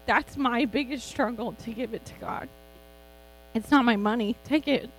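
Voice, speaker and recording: A middle-aged woman giving an informal, chatty sermon as a Bible teacher, animated and quick to laugh. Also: a little high, soft background music, poor audio.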